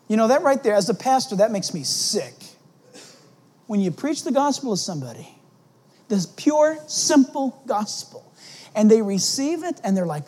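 A man's voice: high-pitched, sing-song, normal speed, darkish tone. A male pastor preaching an expository sermon, emphatic and full of rhetorical questions.

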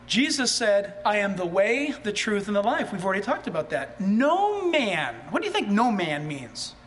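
High-voiced animated preacher. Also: male voice, moderate pace, slight background noise. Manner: animated, rhetorical questions, rising to near shouts. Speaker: pastor. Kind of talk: sermon.

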